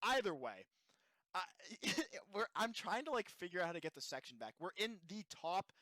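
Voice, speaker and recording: A man's voice: high-pitched, big pitch swings, moderate pace, sharp tone, dry recording, low-quality recording. A young man co-hosting a podcast, recounting events casually and laughing often at himself. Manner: laughs often, self-deprecating. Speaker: podcast co-host. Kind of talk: casual storytelling chat.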